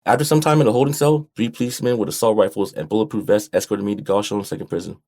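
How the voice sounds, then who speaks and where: A man's voice: on the low side, fairly even intonation, fast, gravelly, a little mellow. A man reading his own memoir aloud in a blunt, wry manner with occasional profanity. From United States. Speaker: author narrating his memoir. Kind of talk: audiobook memoir narration.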